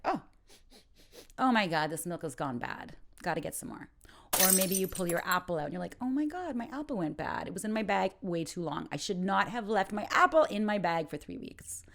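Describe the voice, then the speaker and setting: A woman's voice: on the low side, creaky. A woman teaching informal English in a playful way, acting out short example dialogues. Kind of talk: informal ESL lesson.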